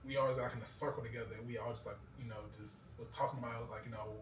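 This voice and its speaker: Fast-talking, blunt, profane man. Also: mid-range voice, level tone, slight background noise. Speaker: show cast member. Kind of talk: casual personal storytelling.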